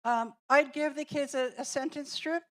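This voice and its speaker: A woman with a high, steady voice presents a teacher training workshop in a classroom. Slowly and deliberately, she explains an activity step by step and demonstrates it through examples.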